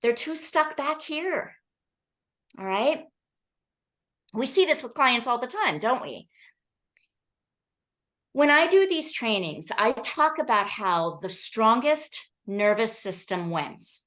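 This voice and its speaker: A woman giving a training talk to an audience, telling stories in an animated way and often checking in with "okay?" and "right?". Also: fairly high pitch, slow, long pauses. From Colorado.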